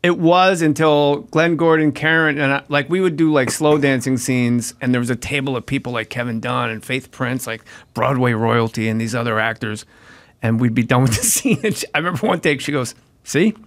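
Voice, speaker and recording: A man, a guest on a casual podcast, telling stories with animated quoted voices and quick asides, laughing as he talks. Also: mid-range voice. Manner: animated storyteller acting out quotes. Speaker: guest actor.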